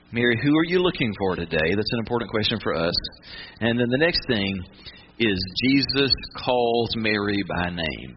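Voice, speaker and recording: A man preaching a sermon, emphatic, stressing his points with restarts and slow dramatic pauses. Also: fairly low pitch. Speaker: pastor. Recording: muffled with noticeable background noise.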